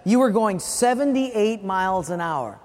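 A male pastor voicing an adult male highway police officer who asks curt official questions, in an echoey hall. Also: animated, a little slow, a little mellow.

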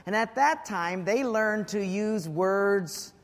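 A man preaching a sermon as pastor, telling stories with lively acted-out voices and comic shouting. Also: sits high, slow pace. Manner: animated storyteller, acts out voices and shouts for comic effect. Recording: long reverb of a large hall.

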